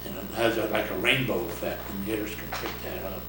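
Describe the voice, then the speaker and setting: An older man and former ballplayer tells rambling stories in a casual interview, chuckling often and putting on other people's voices. He is heard from some distance in an echoey room, with clear background noise. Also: lowish voice, steady tone, brisk. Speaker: retired baseball pitcher and coach. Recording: roomy, distant mic, noisy ambience.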